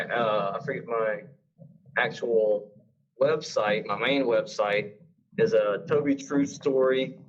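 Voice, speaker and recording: A man from Mississippi, an author guesting on a casual podcast, who talks in a halting way, searching for words. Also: medium pitch. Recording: dull, muffled audio.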